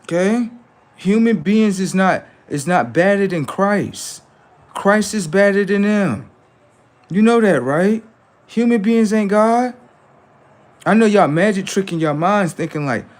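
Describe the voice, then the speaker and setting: A man with a somewhat high voice rants on his livestream in a preachy, combative tone. He argues with viewers in the chat in loose slang. He jumps from loud outbursts down to low muttering. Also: animated, unhurried. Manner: preachy, confrontational, slangy, talks back to chat. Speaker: livestream host. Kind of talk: casual livestream rant.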